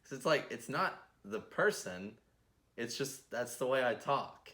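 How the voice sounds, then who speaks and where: A young adult man co-hosting a casual chat, laughing often and tossing in quick jokes. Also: medium pitch, animated, fairly bright tone. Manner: laughs often, throws in quick jokey interjections. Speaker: podcast co-host.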